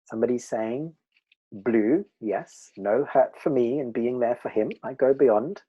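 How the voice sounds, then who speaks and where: A man leading an online workshop, animated, laughing often and playing out voices. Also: medium pitch, a little slow, slightly rough, dull audio. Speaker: presenter.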